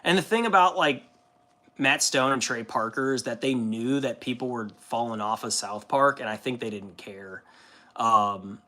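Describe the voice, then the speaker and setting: Chill streamer guy rambling to chat, bright voice, cusses a lot. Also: medium pitch, normal speed. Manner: rambling, laid-back, swears freely. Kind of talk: casual live-stream chat while painting.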